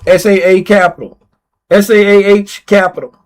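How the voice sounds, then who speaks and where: On a casual livestream, a man with a notably high voice chats loosely at normal speed while running a giveaway. He reads viewers' names and questions aloud, often saying things twice as he types, and teases the audience in a relaxed, offhand, playful way.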